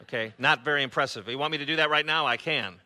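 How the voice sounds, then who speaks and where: A man preaching a sermon as pastor, conversational and sarcastic, often pausing on fillers. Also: fairly high pitch, sharp tone.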